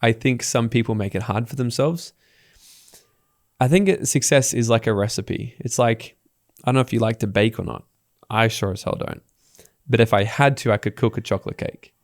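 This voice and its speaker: An Australian man guesting on a podcast, telling stories in a casual, animated way and acting out the people he quotes. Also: medium pitch, normal speed, no room sound, studio quality. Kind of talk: casual interview talk.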